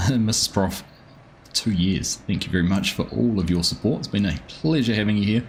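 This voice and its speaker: Easygoing man, low voice. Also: normal speed, darkish tone, a little hiss or hum. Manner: easygoing, greets chat viewers by name, many ums. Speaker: streamer playing a farming game. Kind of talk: live stream chat.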